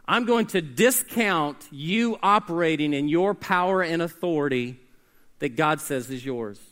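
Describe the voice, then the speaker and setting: A man preaching a sermon, swinging between hushed, slow stretches and loud, emphatic calls, and getting the congregation to answer back. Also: fairly high pitch. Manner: call-and-response with the congregation. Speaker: pastor.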